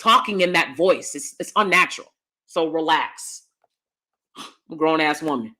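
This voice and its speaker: An American woman hosting a casual livestream and reading chat, animated and blunt, swinging between a high voice and a deep one, with laughing asides. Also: normal speed. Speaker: host.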